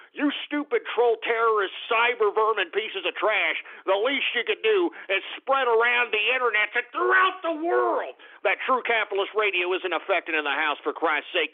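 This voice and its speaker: A man hosting a call-in radio show, ranting angrily and cursing at his listeners. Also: high-pitched. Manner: ranting, profane, shouting insults at trolls. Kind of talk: angry call-in radio rant. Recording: tinny phone-quality radio recording.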